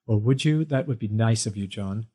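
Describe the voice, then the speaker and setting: A man voicing a quick-witted young singer and actor who banters playfully and talks back defiantly. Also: lowish voice, warm tone, husky. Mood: friendly.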